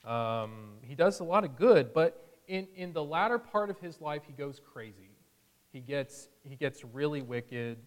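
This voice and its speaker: A man's voice: a little high, lively intonation, unhurried. Conversational man preaching in a reverberant hall. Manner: conversational, chuckling, acting out quotes. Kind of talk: Bible teaching sermon.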